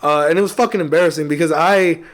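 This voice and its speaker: Laid-back, higher-voiced man swearing casually. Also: fast. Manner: profane, laid-back, joking. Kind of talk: casual chat.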